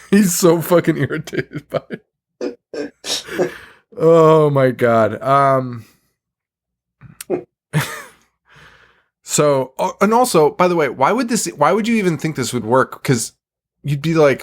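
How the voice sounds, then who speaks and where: A man's voice: fairly high pitch, expressive, slow, long pauses. A man hosting a podcast, chatting casually, swearing freely and laughing often as he recaps. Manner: laughs often, profane, wry. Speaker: podcast host. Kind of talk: casual chat.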